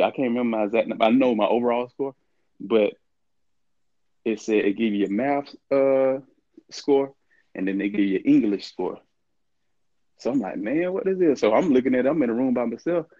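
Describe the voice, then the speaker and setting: This middle-aged interview guest, a former college football player, tells relaxed stories, playing out the dialogue he quotes and laughing a lot. His voice is mid-range and mellow at a normal speed, and he pauses often. There's no echo, but the highs are cut off.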